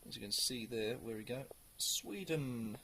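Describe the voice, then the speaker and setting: A man's voice: mid-range voice, unhurried, sharp tone, slight background noise. A man talking casually through a beer review, rambling a little and full of ums. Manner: chatty and rambling, with many ums.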